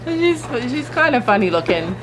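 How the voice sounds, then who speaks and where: A woman's voice: high voice, big pitch swings, normal speed, music in the background, low-quality recording. A woman vlogging on her farm, chatting to viewers and coaxing her goats as she tends them. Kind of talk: casual vlog talk to camera. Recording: outdoor farm noise. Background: goats bleating.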